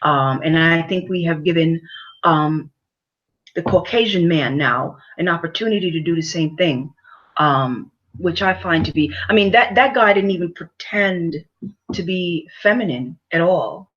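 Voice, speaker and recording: A woman vlogger giving her opinions to camera, halting with many fillers and repeated words, and lecturing her audience emphatically. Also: lowish voice, fairly bright tone, muffled recording.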